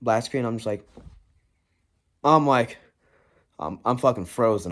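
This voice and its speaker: A man's voice: mid-range voice, animated, unhurried, long pauses, a bit bright. A young man telling a ghost story in a casual, profane, rambling way, often acting out what people said.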